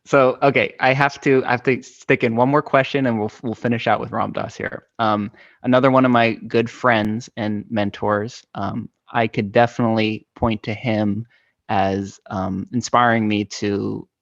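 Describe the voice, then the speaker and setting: A man's voice: fairly low pitch, fairly even intonation, normal speed, gravelly, dry recording, dull audio. A young man hosting a podcast, earnest and enthusiastic, stammering through restarts. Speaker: podcast host. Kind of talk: casual conversation.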